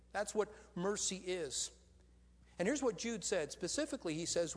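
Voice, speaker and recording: A man preaching a sermon as pastor, animated and asking the congregation rhetorical questions. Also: high voice, long reverb tail. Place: church.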